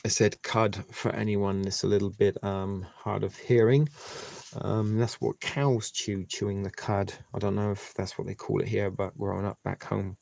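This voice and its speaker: A low-pitched man with a gravelly, fry-edged voice hosts a casual live stream. He rambles in a friendly way and talks straight to his viewers. The sound is close and dry, with no room echo. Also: level tone, moderate pace, a little mellow. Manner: rambling, chatty, addresses viewers directly. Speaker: livestream host.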